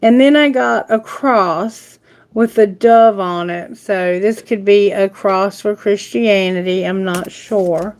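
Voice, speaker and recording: On a live stream, a woman reads tarot and chats casually in a rambling, affectionate way, slipping into baby talk with her pets. Her medium-pitched voice is a little mellow and she takes it slowly.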